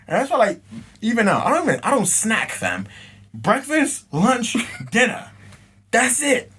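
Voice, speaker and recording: A man's voice: extremely high pitch, measured pace, breathy edge. A man co-hosting a podcast, telling stories in a casual chat full of slang and acting out the people he quotes. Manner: animated storytelling, slangy, acts out both sides of exchanges. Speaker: podcast co-host.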